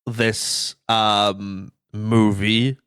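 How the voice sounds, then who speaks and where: Rambling young podcast host, dry mic. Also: male voice, on the low side, level tone, very slow, fairly bright tone, clear, resonant tone, no room sound. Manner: rambling, stumbles over words, swears casually. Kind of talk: casual podcast chat.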